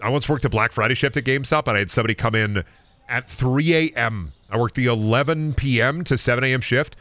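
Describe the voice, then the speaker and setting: A young man streaming a game, ranting in an animated, rambling way and swearing freely about past retail customers. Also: medium pitch, fast talker, dry recording. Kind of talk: ranting livestream commentary.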